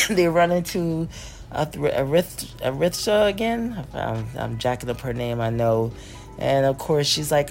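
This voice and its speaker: A woman's voice: deep voice, gravelly, a little mellow. A woman hosting a podcast, casually recapping a cartoon episode, laughing often and acting out the characters' lines.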